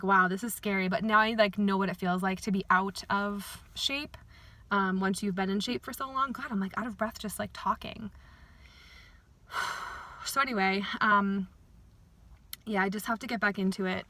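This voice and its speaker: Flat-voiced woman rambling through a vlog update. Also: mid-range voice. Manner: candid and rambling, full of "um" and "like"; speaks plainly about grief and dieting. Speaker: vlogger. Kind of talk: casual personal video update.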